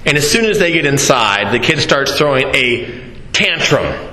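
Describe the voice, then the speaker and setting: A man preaching a sermon, telling a story with slow, deliberate delivery and playful asides to the congregation. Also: medium pitch, animated, sharp tone. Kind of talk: sermon with audience interaction. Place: church. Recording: echoey church hall.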